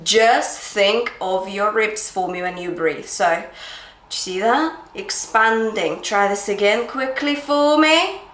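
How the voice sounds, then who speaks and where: Bright-voiced woman vocal coach, unhurried. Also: reverberant. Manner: encouraging, checks in with frequent "yeah?" and "okay?"; demonstrates sung phrases and light falsetto between explanations. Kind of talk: singing lesson instruction.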